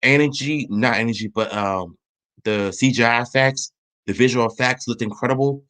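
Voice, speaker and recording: A man hosting his own channel, chatting casually about a movie trailer in a rambling way, restarting his sentences and speeding up when excited. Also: medium pitch, moderate pace. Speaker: channel host. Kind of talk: casual trailer review chat.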